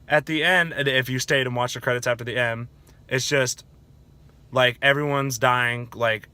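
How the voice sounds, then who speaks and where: Man, casual video review, excitable, rambling, slangy, bright forceful tone, middle pitch. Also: no echo. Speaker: YouTuber reviewing a movie. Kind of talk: casual spoken movie review.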